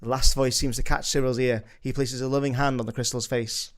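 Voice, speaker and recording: A man's voice: mid-range voice, flat delivery, a little fast. A man narrating the scene headings and stage directions of a live script read in a matter-of-fact way.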